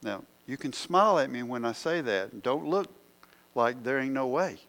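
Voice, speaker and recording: A man's voice: medium pitch, lively intonation, normal speed, a bit bright. A man preaching a sermon, asking the congregation questions as he works through the verses.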